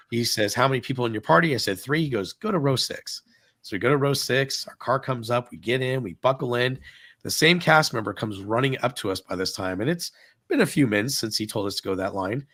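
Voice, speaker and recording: A middle-aged man casually telling a long story on a podcast, acting out what everyone said with lively shifts. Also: medium pitch, dry recording. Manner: animated retelling, acting out dialogue.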